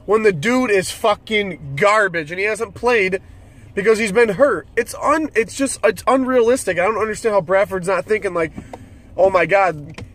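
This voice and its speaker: A man's voice: high-pitched, normal speed, fairly bright tone. A man ranting about football as a fan commentator, irritated and swearing freely. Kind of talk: solo sports rant.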